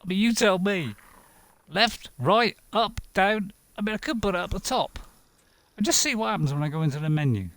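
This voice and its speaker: A man's voice: sits high, animated, normal speed, fairly bright tone. A man giving casual gameplay commentary as a streamer, rambling, talking to himself and chuckling often. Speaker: game streamer.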